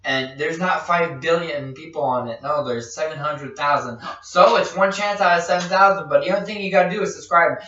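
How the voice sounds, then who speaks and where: Canadian guy chatting on a podcast, bright voice, roomy echoey sound, kinda far off and dull. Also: fairly high pitch, slight background noise. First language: French. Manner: halting, many fillers and restarts. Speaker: podcast host. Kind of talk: casual chat. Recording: roomy, distant, dull mic.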